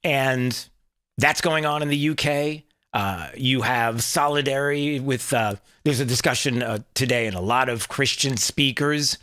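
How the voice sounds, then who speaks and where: A man's voice: mid-range voice, a little slow, pushed and bright. A man hosting a commentary show, rambling with many fillers and jokey asides. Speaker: show host. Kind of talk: casual commentary.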